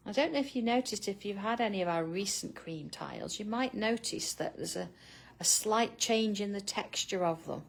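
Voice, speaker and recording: Gravelly chatty woman. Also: medium pitch, expressive, normal speed, few pauses. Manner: chatty, laughs often, answers viewers by name. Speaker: art tutorial host. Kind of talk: chatty live drawing tutorial.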